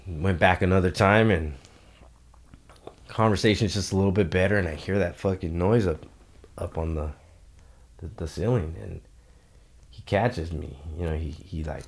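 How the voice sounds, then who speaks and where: Deep male guest, loose and profane, tells stories with big swings in energy. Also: moderate pace, long pauses, slightly rough. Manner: loose, profane, animated storytelling. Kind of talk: casual storytelling.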